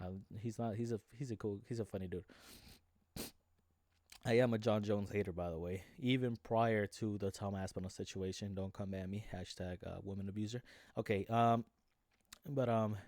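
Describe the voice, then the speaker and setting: A man's voice: fairly low pitch, a little mellow, no echo, studio quality. A man talking casually about fight news in a rambling way, full of restarts and fillers. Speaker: MMA commentary YouTuber. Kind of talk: casual talk.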